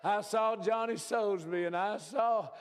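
A man pastor preaching a folksy, animated sermon, swinging from hushed asides to shouts. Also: sits high, unhurried, clean tone. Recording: long hall reverb.

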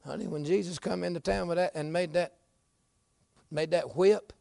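A man preaching a fiery, folksy sermon, dropping to low murmurs and climbing to shouts. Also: steady tone, moderate pace, gravelly, no room sound.

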